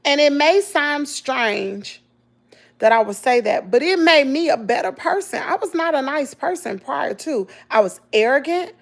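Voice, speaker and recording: Her voice is high, gravelly, and a little slow. A middle-aged Southern woman who vlogs, she chats casually and emotionally with her viewers about hard times, telling the story with animation and saying "y'all."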